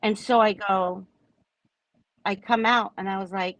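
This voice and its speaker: A woman's voice: medium pitch, unhurried, dry recording, poor audio. A woman host telling a story in a casual way, acting out the quotes and tagging her sentences with "right?". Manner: animated, acts out quotes, keeps saying "right?"; swears casually.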